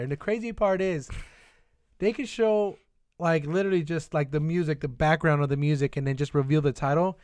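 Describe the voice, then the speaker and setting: A man co-hosting a casual podcast, excitable and quick to swear. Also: a little high, clear, resonant tone, no room sound. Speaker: podcast co-host.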